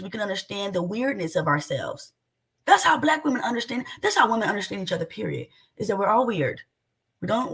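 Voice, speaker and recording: A woman giving heated reaction commentary, loud, indignant and mocking, with frequent outbursts. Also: a little high, husky. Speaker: commentator reacting to a stream clip.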